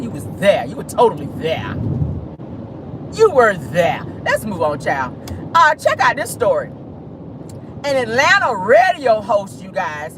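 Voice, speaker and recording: A vlogger hosting a casual celebrity gossip monologue from inside a car, sassy and quick to laugh, calling listeners "honey" and "child.". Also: mid-range voice, background noise. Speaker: vlogger and gossip show host.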